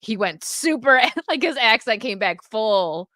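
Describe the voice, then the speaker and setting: A woman's voice: a little high, expressive, a little slow, fairly bright tone, no room sound, clean studio sound. A woman guest on a casual livestream chat, chatty and rambling, laughing easily. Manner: chatty, lots of likes and restarts, laughs easily.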